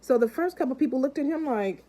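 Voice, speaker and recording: A woman's voice: sits high, animated, quick pace, mellow, poor audio. A woman vlogger chatting casually with her viewers and telling stories, acting out the people in them. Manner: chatty, keeps calling out to the viewers. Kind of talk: casual chat and storytelling to viewers.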